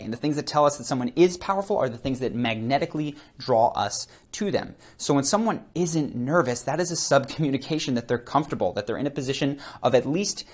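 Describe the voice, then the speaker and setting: A man teaching about voice and presence in an animated, conversational way, calling himself a fast speaker. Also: mid-range voice. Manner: animated and conversational, demonstrating voice techniques; self-described fast speaker. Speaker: charisma coach. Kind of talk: instructional talk to camera.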